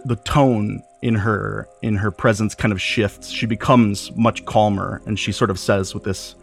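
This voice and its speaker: Low-voiced man playing a tabletop game. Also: gravelly. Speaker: player. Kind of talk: in-character tabletop play.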